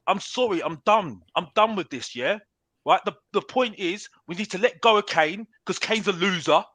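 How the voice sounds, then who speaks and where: A man's voice: high voice, animated, normal speed, fairly bright tone, no room sound. A man ranting in a heated football debate, repeating "bruv" and talking over the others. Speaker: panelist on a football talk show.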